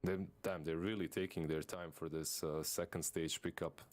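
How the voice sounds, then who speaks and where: A man's voice: low-pitched, steady tone, normal speed, soft background music. A man co-streaming an esports match, talking through the draft in a loose, rambling way with many fillers. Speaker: co-streamer caster. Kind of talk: casual esports draft analysis.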